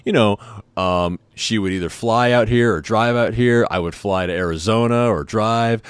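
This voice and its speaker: A man in his thirties tells a story to his podcast audience in a candid, joking way, peppering it with casual asides. His voice sits low and sounds smooth and resonant. The recording is dry and close. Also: no room sound. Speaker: podcast host.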